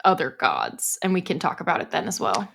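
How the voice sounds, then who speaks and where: A woman co-hosting a book podcast in casual chat, making wry, deliberate, teasing remarks. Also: low-pitched, huge pitch swings, creaky, fairly bright tone. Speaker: podcast co-host.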